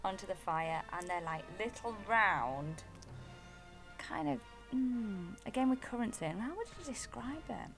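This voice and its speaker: A woman's voice: medium pitch, lively intonation, a little slow, vocal fry, fairly bright tone, faint music behind. A woman co-hosting a casual podcast chat, chatty and teasing as she talks through food and customs. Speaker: podcast co-host. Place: home in Wales.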